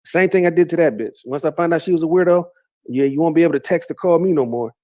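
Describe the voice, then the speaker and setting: High-voiced man in a profane rant. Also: fast talker, darkish tone. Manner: heated, profane, repetitive insults. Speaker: YouTuber. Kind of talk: angry rant.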